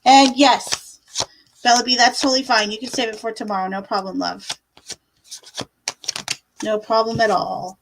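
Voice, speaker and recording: Young woman doing tarot on a livestream, kinda high voice, lots of um and like, sweet with the chat. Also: fairly even intonation, normal speed, pauses often, noisy background. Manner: chatty, filler-heavy, affectionate with viewers. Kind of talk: casual live-stream tarot reading.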